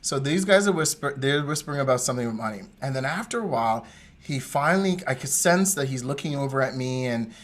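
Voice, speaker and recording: A man co-hosting a podcast, telling a story in a casual, animated way with plenty of laughter and tangents. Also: medium pitch, fast talker. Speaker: podcast co-host. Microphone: remote podcast mic.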